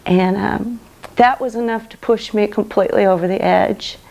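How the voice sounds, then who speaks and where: A woman giving an earnest personal testimony, halting and repeating phrases as she speaks. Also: mid-range voice, vocal fry, a little mellow.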